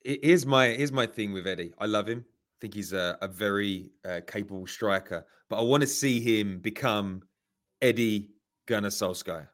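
A man's voice: on the low side, moderate pace, fairly bright tone. A man hosting a football podcast, playful and asking probing questions in casual chat.

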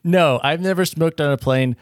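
A young man co-hosting a podcast in casual chat, quick to laugh and joke. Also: mid-range voice, no echo. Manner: laughs easily, playful quips. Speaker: podcast co-host.

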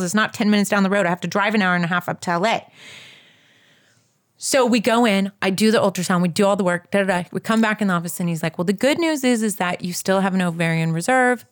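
A woman telling a personal story in a casual, animated way, talking straight to her listeners and skipping details with quick filler. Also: mid-range voice. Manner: animated, addresses listeners as "you guys"; fills gaps with "da, da, da".

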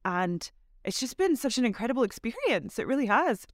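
A woman's voice: on the high side, very animated, brisk, dry recording, clean studio sound. A woman actor being interviewed, chatting casually with easy laughs and lots of fillers. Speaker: actor guest.

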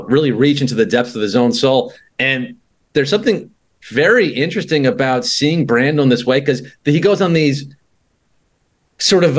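Joking man rambling in podcast chat. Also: mid-range voice. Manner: joking, rambling with restarts and laughs. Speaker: podcast co-host. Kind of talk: casual film chat.

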